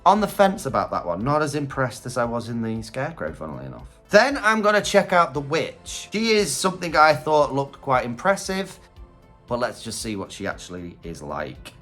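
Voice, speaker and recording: A man's voice: mid-range voice, huge pitch swings, moderate pace, a bit bright, soft background music. A man giving casual reaction commentary on Halloween props, chatty and candid, thinking aloud. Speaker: Halloween prop reviewer.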